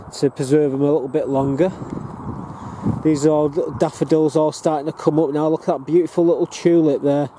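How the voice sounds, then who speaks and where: A man's voice: a little high, mellow. Chatty northern English man outdoors. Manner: chatty, rambling, plain-spoken. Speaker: allotment gardener and vlogger. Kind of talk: casual walking tour. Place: outdoor allotment plot. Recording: faint outdoor background noise.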